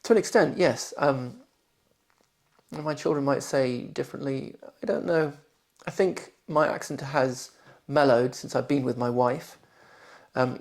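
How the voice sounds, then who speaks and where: Forties man, posh southern English accent, slightly gravelly, very clear careful diction; reads and answers questions. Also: mid-range voice, a little mellow. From London, England. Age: 40s. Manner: careful, clearly pronounced speech. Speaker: interviewee. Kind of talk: reading test passages, then interview answers.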